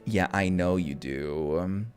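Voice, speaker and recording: Over soft background music, a gaming video creator with a low-pitched voice speaks slowly. His commentary on the video game is casual and playful, poking fun at the characters and laughing at their lines.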